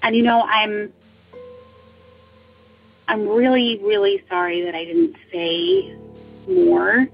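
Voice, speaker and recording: A woman's voice: a little high, slow, gravelly, pauses often. A young woman telling her own ghost story in casual speech, hesitant, with many ums and restarts. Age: young adult. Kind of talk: casual first-person storytelling. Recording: slightly dull audio with faint music.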